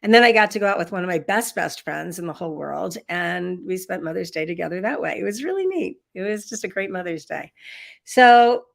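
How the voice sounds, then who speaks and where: A middle-aged woman leads a live online workshop on a computer mic, warmly telling a personal story and laughing often. Her voice is lowish and expressive, with vocal fry, and she speaks fairly quickly.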